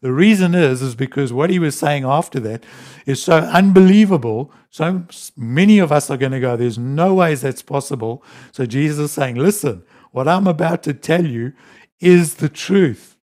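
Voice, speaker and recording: Animated male preacher, fairly high voice. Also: normal speed. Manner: animated, rising to emphatic peaks then dropping low; reads scripture aloud between teaching. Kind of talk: sermon.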